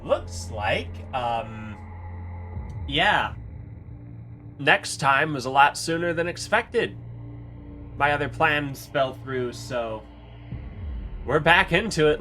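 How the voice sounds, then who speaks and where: A man narrates his gameplay in an unhurried, rambling way, often breaking off and restarting his sentences. His voice is bright and forceful, and faint game music plays behind him. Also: mid-range voice. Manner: rambling, self-correcting, chatty asides. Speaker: let's play host. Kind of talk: casual gameplay commentary.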